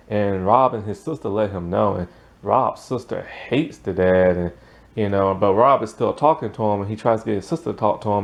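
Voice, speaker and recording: Man recapping a show, animated pitch. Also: creaky. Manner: rambling, full of "like" fillers, laughs at the plot. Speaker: TV show reviewer. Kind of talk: casual episode recap.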